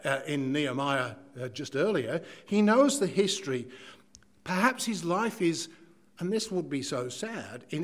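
A preacher with a voice a touch on the high side, delivering a sermon with theatrical flair. He swings from forceful emphasis down to quiet, near-whispered asides. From Ireland. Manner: dramatic, shifts between loud emphasis and hushed asides.

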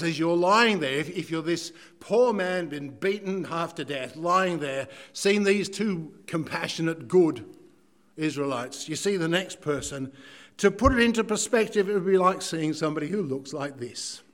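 A man from Ireland, preaching a sermon dramatically, moving between loud emphasis and hushed asides. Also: a little high, expressive, measured pace.

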